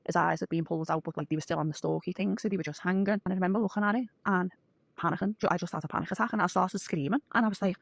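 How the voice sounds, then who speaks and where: A woman with a Scouse accent telling a story in blunt, sweary, animated casual talk. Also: lowish voice, rapid-fire, creaky, dry recording.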